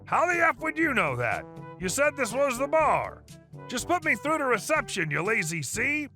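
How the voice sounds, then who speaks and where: A man's voice: very high voice, wildly swooping pitch, moderate pace, pushed and bright, faint music behind, pitched above the performer's own voice, exaggerated voice. A man voicing a rude drunk male hotel guest who slurs and swears on the phone. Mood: demanding. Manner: slurred, abusive, demanding.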